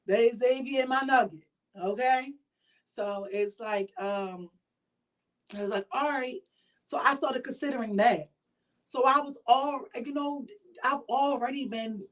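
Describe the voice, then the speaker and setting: A woman hosting a show, chatting casually and openly with her viewers and reading their comments aloud. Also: mid-range voice. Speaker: podcast host.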